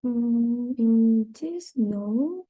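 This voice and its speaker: A young Indonesian-speaking student presents an exam project in a screen-recorded walkthrough, carefully reading out measurements step by step. Her voice is a little high, expressive and dark-toned, and she speaks extremely slowly. The recording is dry and poor, with soft background music.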